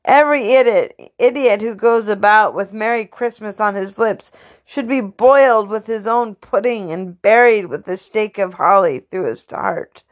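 A woman voicing a bitter, miserly old man who speaks in a gruff, curt way. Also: mid-range voice, unhurried, lightly acted. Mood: scornful.

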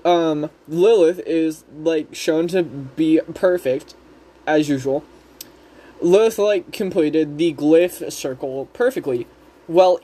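A show recap host with a dark, medium-pitched voice casually walks through a cartoon episode. The chat rambles along, broken up by frequent giggles.

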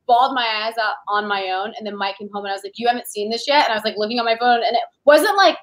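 A woman's voice: a little high, very fast, rough recording. A woman co-hosting a casual chat, talking animatedly and gushing, laughing as she talks.

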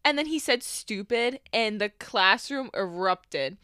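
A young woman co-hosting a casual podcast, telling animated stories with plenty of laughter. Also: on the high side, a little slow, clear, resonant tone, no room sound, clean studio sound. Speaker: podcast co-host. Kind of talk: casual chat. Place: small home studio room.

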